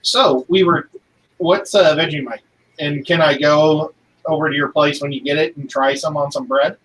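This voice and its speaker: A man's voice: a little high, fairly even intonation, normal speed, a bit bright. A man chatting casually as a guest on a group stream, playful and joking, often poking fun at himself. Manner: playful, joking, self-deprecating. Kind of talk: casual chat. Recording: distant mic with faint background noise.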